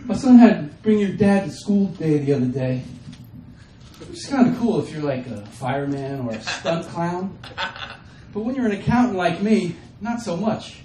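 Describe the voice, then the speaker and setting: A man performing a stand-up comedy set, acting out his family members in quick bits. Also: high-pitched, expressive, warm tone, slight background noise. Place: comedy stage before a live audience. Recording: roomy, distant mic with faint ambience.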